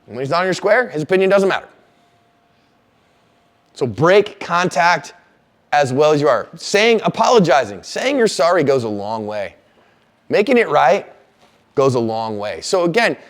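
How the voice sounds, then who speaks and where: Middle-aged guy teaching self-defense, fairly high voice, super animated, acts out all the characters in his stories. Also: moderate pace, long pauses. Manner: animated storyteller, acting out quoted lines loudly. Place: classroom.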